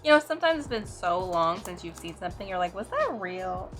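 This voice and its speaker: A woman's voice: lowish voice, sing-song, fast. A young woman from the US West Coast vlogging casually to camera, telling stories with comic exaggeration and playful quoted voices. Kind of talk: casual vlog talk to camera. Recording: faint background music.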